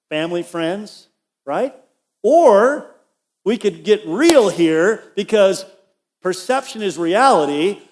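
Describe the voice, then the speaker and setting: A middle-aged pastor preaches a lively sermon in a church auditorium, his voice high-pitched and unhurried. He tells a personal story in an animated, conversational way, tossing asides to the congregation.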